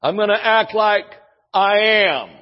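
Folksy male pastor with a high voice, preaching with repeated phrases; lo-fi audio. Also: animated, a little slow. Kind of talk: sermon. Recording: dull low-fidelity audio.

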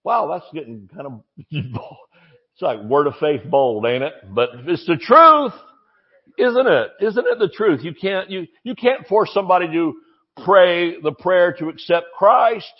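A man's voice: high-pitched, animated, a little slow, breathy edge, muffled recording. A man preaching a sermon in a folksy, joking, emphatic way.

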